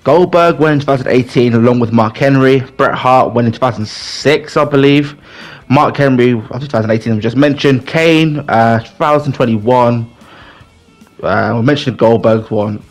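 A man narrating a wrestling video game like a ringside announcer, excitable and playful, his voice jumping up when a match turns against him. He talks at an ordinary middle pitch with faint music behind him. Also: normal speed. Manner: excitable, mock wrestling-announcer play-by-play, bursts into pleading. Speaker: gaming channel host. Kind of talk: excited let's-play commentary.

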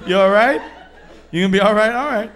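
Man, stand-up comic, club stage, high voice, bright tone, brash, crude, teases the crowd. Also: a little fast. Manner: brash, crude, teasing the audience. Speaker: stand-up comedian. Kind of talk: stand-up comedy set.

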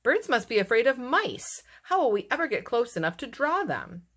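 A clumsy, good-natured storybook mole, earnest and unhurried, with a grumbling edge when things go wrong, as a woman reads him. The voice stays low-key and lively in its ups and downs. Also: heavily acted. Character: curious, clumsy male mole.

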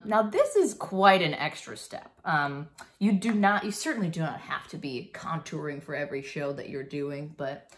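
A young woman with a low voice gives a stage makeup tutorial for kids. She is chatty and playful, with plenty of ums and goofy little sound effects. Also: expressive, normal speed. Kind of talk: casual demonstration for kids.

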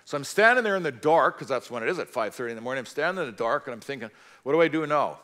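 A middle-aged man preaches at a church, recounting his own conversion in an earnest, folksy way. His voice sits at an ordinary middle pitch, and he drifts into casual asides as he talks. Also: expressive, rapid-fire, fairly bright tone. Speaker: guest speaker. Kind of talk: personal testimony sermon.

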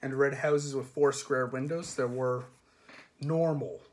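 A man reading a novel aloud in a measured storybook manner, sometimes dropping soft. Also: mid-range voice, fairly even intonation. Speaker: reader.

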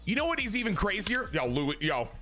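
A young man giving excitable live commentary on his own baseball video game, jumping from loud hype to muttered grumbles. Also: sits high, brisk, loud music behind the voice. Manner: excitable, swings from hyped shouting to muttered grumbling. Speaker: gaming YouTuber.

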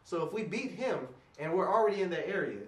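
Loud, profane gamer shouting at a game. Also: mid-range voice, animated. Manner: loud, profane, quick to rage and laugh. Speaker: gamer playing co-op. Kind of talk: casual gaming commentary. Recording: distant mic in an echoey room with loud ambience.

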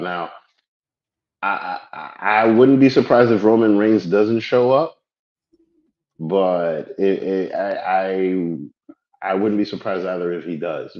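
Deep-voiced man on dull echoey audio. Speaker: wrestling review co-host. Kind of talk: casual podcast chat.

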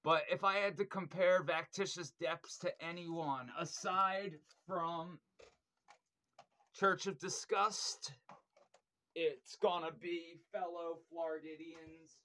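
A young man hosts a record review vlog, rambling casually with lots of fillers and swearing, growing keen about the music yet frustrated as he searches his shelves. His voice sits on the high side with a steady, sharp tone, and he takes it slowly.

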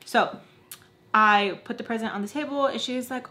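A young woman chatting through a storytime while doing her makeup, animated and acting out the other people's lines. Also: a little high, a little fast. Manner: chatty, animated, acts out quoted voices. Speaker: beauty vlogger.

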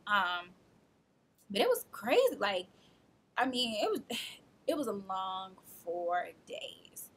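A woman in her twenties telling a personal story to camera in a casual, animated way, acting out the people she quotes and laughing often. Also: medium pitch, takes it slowly, long pauses, husky. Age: 20s. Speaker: vlogger.

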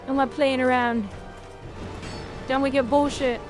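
A young woman with a high voice narrates her own gameplay live, swearing freely and reacting to every hit and dodge. Her talk is quick and loud in the tense moments. Faint game music plays in the background. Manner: excitable, swears a lot, reacts loudly to the game. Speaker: streamer playing a video game.

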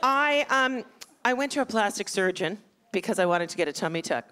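A woman's voice: mid-range voice, lively intonation, a little fast. A middle-aged woman performing a self-deprecating stand-up set on a theater stage, punchy and acting out the people in her stories. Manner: self-deprecating, punchy, acts out quoted voices. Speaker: stand-up comedian. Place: theater stage before a laughing audience. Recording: live show with loud crowd and noise.

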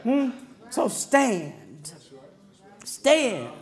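A man preaching a sermon, emphatic and building to shouts, drawing call-and-response from the congregation. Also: very high voice, big pitch swings, extremely slow.

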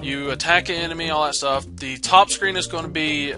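A man's voice: a little high, steady tone, brisk, pushed and bright, faint music behind. A young man casually commentating his gameplay, rambling and swearing offhand. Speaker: let's play host.

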